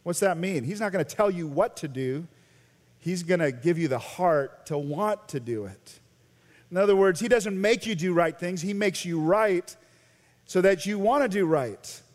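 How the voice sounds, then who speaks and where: An American man preaching a sermon as a pastor, animated, swinging between loud emphasis and quiet intensity. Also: high voice, moderate pace. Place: large church sanctuary. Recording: long church reverb.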